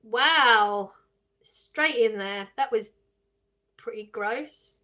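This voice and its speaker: A woman's voice: a little high, extremely slow, pushed and bright. An English woman live streaming, reading viewers' questions aloud and answering them casually with frequent laughs. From England. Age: adult with children.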